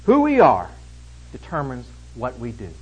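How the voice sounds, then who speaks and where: A man preaching an expository sermon, emphatic, swinging between loud stresses and hushed lines. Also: mid-range voice, huge pitch swings, measured pace, husky, poor audio.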